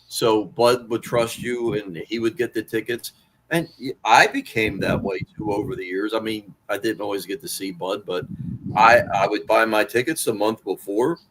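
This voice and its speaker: A man in his sixties telling wrestling stories as an interview guest, animated and profane, jumping to much higher pitch when riled. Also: moderate pace, a little hiss or hum, rough recording. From Washington D.C. area. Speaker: interview guest, wrestling author and former manager. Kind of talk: casual storytelling interview.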